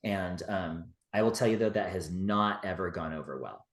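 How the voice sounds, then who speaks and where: Man, low voice, rambling casual guest talk, "you know" fillers, reverberant room. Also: moderate pace. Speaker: guest, witchcraft teacher. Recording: roomy echo.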